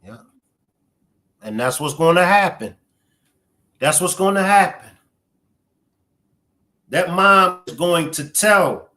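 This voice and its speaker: A man's voice: high voice, animated, takes it slowly, pauses often, pushed and bright. A man giving emotional reaction commentary on a news story, emphatic, pleading, and repeating phrases.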